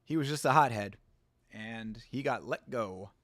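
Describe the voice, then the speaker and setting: A man's voice: medium pitch, measured pace, fairly bright tone, dry recording, clean studio sound. A man hosting a live watch-along stream, chatting casually, reading out chat and rambling through stories with restarts.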